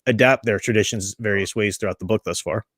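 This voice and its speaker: A man's voice: on the low side, quick pace, a bit bright, no echo, clean studio sound. A man hosting a casual book discussion, talking in a rambling, chatty way with frequent restarts. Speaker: book study host.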